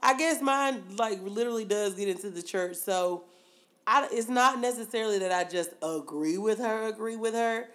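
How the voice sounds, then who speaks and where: A woman co-hosting a casual chat, relaxed and blunt, with slangy remarks and frequent laughter. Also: medium pitch, normal speed. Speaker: podcast co-host.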